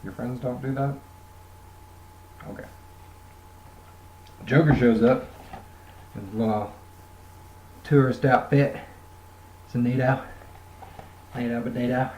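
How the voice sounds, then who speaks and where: A man's voice: mid-range voice, steady tone, slow pace, long pauses, a little mellow, slight background noise. A man casually reviewing a graphic novel, rambling and joking with lots of fillers. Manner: rambling, jokey, many fillers. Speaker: comic book reviewer. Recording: roomy echoey room.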